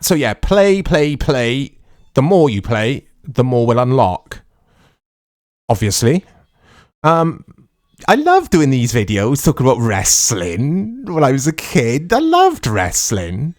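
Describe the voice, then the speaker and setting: Playing a retro video game on his YouTube channel, a middle-aged man comments casually and excitably, rambling and often breaking into laughter. His pitch is medium.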